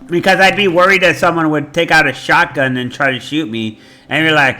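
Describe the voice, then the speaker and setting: A man chatting casually while he plays a game on a live stream, rambling in an animated way and swearing freely. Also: a little high, brisk, soft background music.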